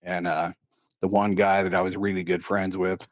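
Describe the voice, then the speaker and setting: Low-voiced man rambling through a story. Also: little pitch movement, moderate pace, no room sound, studio quality. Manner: rambling, full of "uh" and "and, uh". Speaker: guest recounting a paranormal experience. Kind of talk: casual storytelling.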